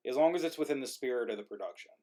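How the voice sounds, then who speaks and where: A man's voice: mid-range voice, lively intonation, rapid-fire, mellow. Male writer-host, rambling and self-deprecating, chatting over a video call mic. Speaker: playwright and host of an online play reading. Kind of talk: casual chat on a video call.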